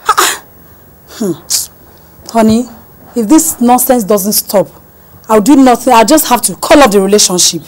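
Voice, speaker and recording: A woman's voice: a little high, lively intonation, moderate pace, pauses often, natural voice, poor audio. A woman playing a proud, protective mother. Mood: motherly. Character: proud, protective middle-aged wealthy mother.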